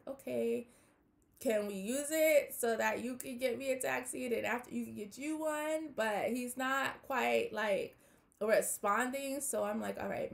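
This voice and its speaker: Young woman vlogger, storytime chat, kinda higher voice w some fry, plays out the convo. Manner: animated retelling, acts out both sides with quoted voices. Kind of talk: casual storytime.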